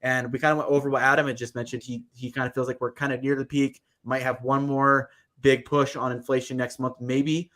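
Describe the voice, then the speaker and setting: A man's voice: mid-range voice, little pitch movement, a little fast, hardly any pauses, fairly bright tone. A man hosting a casual livestream chat, talking with lots of fillers and a friendly tone. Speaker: livestream host.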